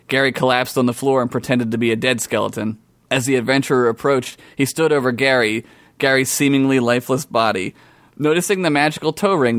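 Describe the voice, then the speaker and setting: A man's voice: mid-range voice, fairly bright tone, dry recording. A man narrating a comedic improvised tabletop story as game master, laughing often as he goes. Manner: laughs often while narrating, crude jokes.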